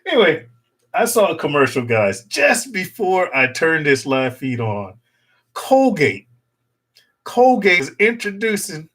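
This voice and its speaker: A middle-aged man runs a casual livestream chat from home, talking into a desktop USB microphone as the channel host. His voice is a little high, sing-song and a bit bright, and he takes it slowly, rambling, joking with his audience and laughing frequently.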